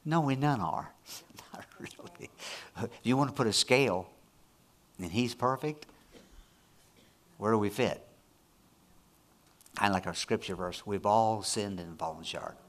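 A man preaching a sermon, moving between quiet, low passages and loud, high-pitched, excited prayer. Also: measured pace, pauses often. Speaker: pastor.

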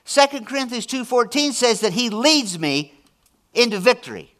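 Middle-aged male pastor, sermon delivery, emphatic with hushed asides; high, bright tone. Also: big pitch swings, moderate pace. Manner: emphatic preaching, swinging from loud to hushed and intimate.

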